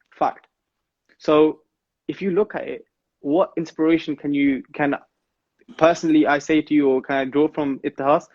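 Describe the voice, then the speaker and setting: A man's voice: a little high, dry recording, highs cut off. A man giving an earnest devotional talk as a guest on a live stream, mixing in Punjabi phrases.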